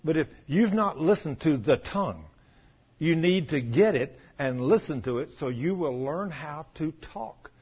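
A man's voice: fairly high pitch, lively intonation, measured pace, husky. A middle-aged man preaching a sermon in a folksy storytelling manner, acting out the voices of people he quotes. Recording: dull lo-fi recording.

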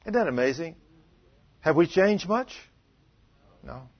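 A husky man preaching to his congregation, his voice rising and dropping as he tells the story. He questions the listeners directly and acts out the quotes. The recording is dull and lo-fi. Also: fairly high pitch, very animated, slow pace. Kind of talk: sermon. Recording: dull lo-fi sound.

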